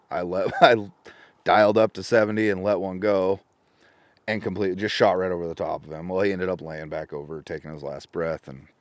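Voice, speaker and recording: A middle-aged man telling a story in casual podcast conversation, lively and acting out his phone calls with friends and family. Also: sits low, no echo. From Washington State. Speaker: podcast guest.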